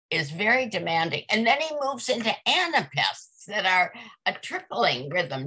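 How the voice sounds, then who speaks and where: A woman's voice: medium pitch, sing-song, measured pace, pushed and bright, husky. A woman in a poetry discussion group, thoughtfully analysing a poem's rhythm and wording. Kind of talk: casual literary discussion.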